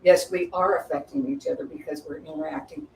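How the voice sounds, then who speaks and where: Brief: woman guest teacher, thoughtful explainer, lively pitch, a bit off-mic in an echoey room. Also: quick pace, creaky. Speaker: guest speaker. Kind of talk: spiritual teaching. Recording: roomy, distant mic with faint noise.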